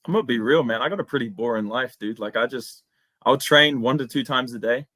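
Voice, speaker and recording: A man's voice: medium pitch, fairly quick, pushed and bright, no echo. Laid-back young Australian man. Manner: laid-back, slangy, lots of "dude" and "man". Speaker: guest, MMA impressionist. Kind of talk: casual interview chat.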